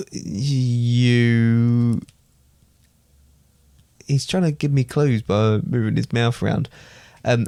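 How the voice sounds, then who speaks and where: A man's voice: mid-range voice, creaky, darkish tone, no room sound. A young man from Britain, co-hosting a podcast with his father, chatty and hesitant with lots of fillers. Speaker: podcast co-host, son. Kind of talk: joking banter.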